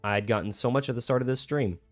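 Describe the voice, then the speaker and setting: A man's voice: medium pitch, quick pace, no room sound, soft background music. A young man streaming a game, chatting casually in a laid-back, rambling way with many fillers and restarts. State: hiccuping. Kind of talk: casual gaming stream chat.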